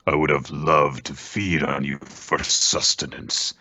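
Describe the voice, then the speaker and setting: Guy putting on a deep slow monster voice, bloodthirsty kaiju, dragging each word, bright edge. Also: level tone, no echo, exaggerated voice. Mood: menacing. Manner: slow, low, measured delivery. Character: menacing battle-hungry male kaiju monster.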